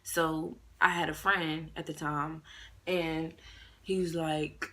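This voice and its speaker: Speaking slowly and straight to camera, a young female vlogger delivers a long, loose, slangy storytime monologue. Her bright, slightly low voice jumps up into sharper tones whenever she quotes someone, keeping things animated.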